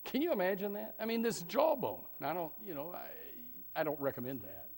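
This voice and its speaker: A middle-aged male pastor preaching a sermon, animated, swinging from loud bursts to hushed tones. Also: high-pitched, normal speed, gravelly, a little hiss or hum. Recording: long hall reverb.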